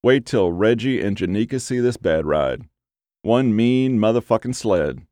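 A man's voice: fairly low pitch, animated, measured pace, mellow, dry recording, studio quality. A man voicing a brash, profane young male car thief who talks with street swagger in an audiobook. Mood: sneering. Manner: swaggering, cursing street talk.

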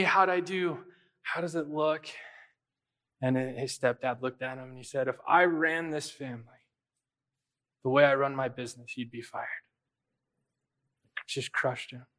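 A young adult man preaches in a loose, chatty style, sharing stories with his congregation. His talk is full of "like" and "right?", and it feels informal rather than polished. His voice sits in a medium pitch range. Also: a bit bright. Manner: conversational, full of fillers like "like" and "right?". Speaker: pastor. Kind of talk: casual storytelling sermon.

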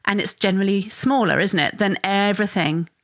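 A woman's voice: mid-range voice, a little fast, fairly bright tone, no room sound, clean studio sound. A woman hosting a parenting podcast, talking conversationally and sometimes acting out a parent's and a child's voices. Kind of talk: solo podcast explanation.

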